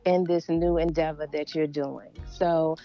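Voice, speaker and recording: A woman's voice: low voice, steady tone, unhurried, mellow, dull audio, faint music behind. Tender older woman caller. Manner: tender, heartfelt. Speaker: caller, guest's mother. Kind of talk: phoned-in tribute.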